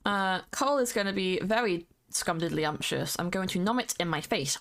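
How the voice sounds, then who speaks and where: A woman's voice: lowish voice, lively intonation, moderate pace, hardly any pauses, fairly bright tone. A woman with a British accent chatting casually while streaming a game, playful and rambling, now and then singing along. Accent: British English. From United Kingdom. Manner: chatty and playful, sings along, slips into silly voices. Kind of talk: casual chat while gaming.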